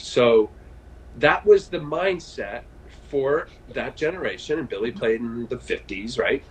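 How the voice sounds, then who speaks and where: A man in his fifties, a former pitcher, telling stories in a casual interview over a video call, animated and full of fillers and restarts. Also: fairly quick, rough recording. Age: 50s. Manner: chatty storyteller, animated, frequent fillers and restarts. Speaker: guest, former baseball pitcher.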